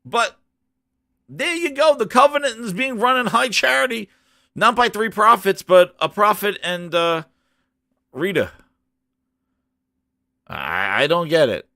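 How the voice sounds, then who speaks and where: A man rants about a show, his high voice swinging all over the place. He mocks it with squeaky, shouted questions, and his bright tone sits dry and close to the mic. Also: moderate pace, vocal fry, no echo. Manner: animated, mocking, shouts high-pitched "who this?". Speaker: gaming channel host. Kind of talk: ranting show reaction.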